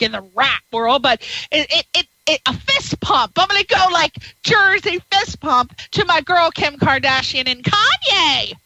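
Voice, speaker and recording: A middle-aged woman hosts a radio interview show, bubbly and flirtatious, hopping between topics in a chatty, playful way. Her voice sits high, bright and forceful, on a rough recording with no echo.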